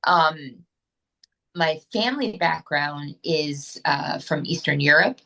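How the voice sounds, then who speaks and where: A woman from the United States talks through an interview in a fairly low voice, candid and rambling, with plenty of fillers and restarts. She sounds like she's on a video call. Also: slow pace, vocal fry, bright, forceful tone, rough recording. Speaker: actress, interview guest. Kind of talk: casual interview chat.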